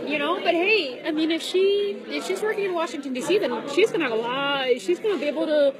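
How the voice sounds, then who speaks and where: A woman with a high voice chats casually at a banquet. She is emotional and keeps laughing to hold back tears. A lively crowd murmurs all around her. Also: fairly quick. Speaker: sound engineer at a banquet. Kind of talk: casual chat. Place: large banquet hall. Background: crowd chatter.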